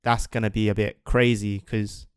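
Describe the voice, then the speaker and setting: A man's voice: lowish voice, flat delivery, normal speed, a crowd in the background. A young man hosting a podcast over a video call, laid-back and laughing often in casual chat. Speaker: podcast host.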